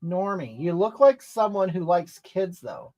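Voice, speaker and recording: Drag-style performer putting on a loud rude entitled lady, swoops all over while she scolds the chat, stays mid pitch. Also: very animated, a little slow, lo-fi sound. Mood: indignant. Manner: brash, indignant, scolding, rambling. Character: crude, entitled, brash middle-aged woman. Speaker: comedy livestreamer reading comments in character. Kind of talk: improvised character comedy.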